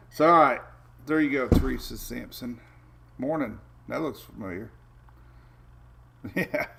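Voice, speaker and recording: A man talks through weather maps on a casual livestream. His voice sits at a middle pitch. He rambles in an easygoing way, stopping for fillers and restarts and breaking off to greet viewers by name. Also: takes it slowly, vocal fry, pauses often, a bit bright, a little hiss or hum. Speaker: weather show host.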